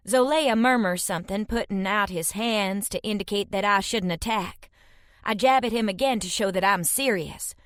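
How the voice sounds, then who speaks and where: A woman's voice: medium pitch, no echo. Woman reading a tense audiobook, dry sound. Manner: tense, dramatic reading with shouted dialogue. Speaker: audiobook narrator. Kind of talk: first-person audiobook narration.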